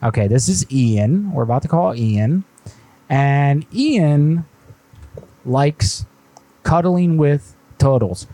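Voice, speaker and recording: A man's voice: fairly high pitch, lively intonation, takes it slowly, warm tone, dry recording. A man hosting a live stream and making a prank call, fake-friendly and then needling with mock offense. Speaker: prank caller, host.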